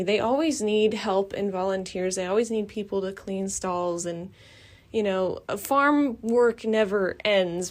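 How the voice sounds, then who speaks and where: A woman's voice: mid-range voice, a little mellow. A young adult woman hosting a podcast, talking in a blunt, passionate, rambling way with many fillers, recorded outdoors. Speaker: podcast host. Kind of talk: casual monologue. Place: outdoors near a building.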